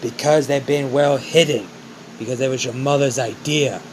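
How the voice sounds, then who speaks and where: A man doing a gruff mocking villain mentor. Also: mid-range voice, steady tone, moderate pace, darkish tone, a little hiss or hum, lightly acted, low-quality recording. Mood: scolding. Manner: mocking, scolding, calls the boy kiddo.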